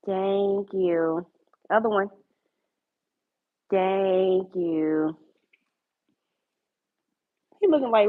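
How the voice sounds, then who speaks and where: A woman's voice: mid-range voice, very animated, drawn-out words, pauses often. A woman streaming live from her home kitchen at night, chatting casually with viewers and talking to her dogs. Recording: tinny phone-like sound.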